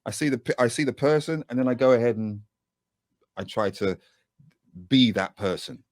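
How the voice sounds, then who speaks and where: British man telling lively anecdotes. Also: mid-range voice, normal speed, dry recording, studio quality. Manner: animated anecdotes with lively asides and laughs. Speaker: guest, music producer and voice actor. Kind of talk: casual interview storytelling.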